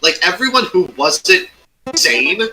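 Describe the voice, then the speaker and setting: A man's voice: sits high, very animated, slow pace, pushed and bright, faint music behind, low-quality recording. A man in casual chat, rambling through an old tabletop game story and swearing often. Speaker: former game master recounting a campaign.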